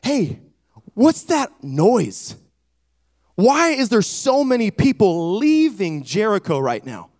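Man acting out a blind beggar crying out, high and pleading. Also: huge pitch swings, slow, a little mellow, heavily acted. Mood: curious. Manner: pleading, urgent outcries.

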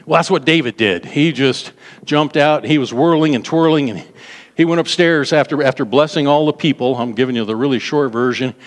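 Animated male pastor, mid-range voice, preaching with calls to the congregation; long hall reverb. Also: medium pitch, fairly quick. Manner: animated, repeats words, prompts the congregation. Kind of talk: sermon. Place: large hall.

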